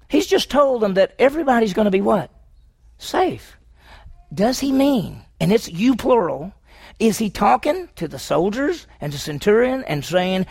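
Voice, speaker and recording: A man preaches on a Bible passage, questioning the audience and acting out what people said. His voice is high, animated and a little creaky, at a normal pace.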